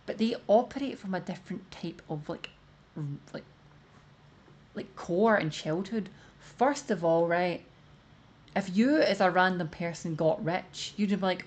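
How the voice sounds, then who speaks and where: A woman's voice: mid-range voice, moderate pace, darkish tone, a little hiss or hum. A woman streamer giving casual commentary, rambling with lots of "like" as she explains her view. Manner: rambling, many fillers of "like".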